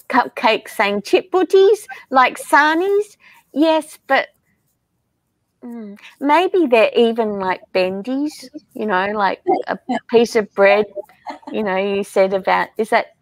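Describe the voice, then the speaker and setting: A woman hosting a casual craft livestream, reading viewer comments aloud in an unhurried, chatty way and laughing often. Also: medium pitch, gravelly, dry recording.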